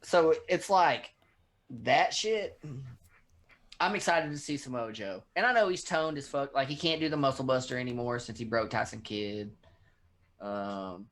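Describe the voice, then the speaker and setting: A man's voice: lowish voice, creaky. A Texan man co-hosting a podcast, ranting in casual chat and swearing freely. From Texas. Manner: profane, animated rants. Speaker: podcast co-host.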